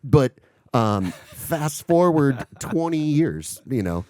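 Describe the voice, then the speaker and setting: A man's voice: a little high, big pitch swings, takes it slowly, a little mellow, dry recording. A man co-hosting a podcast, telling a long story in casual chat and swearing freely. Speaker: podcast co-host.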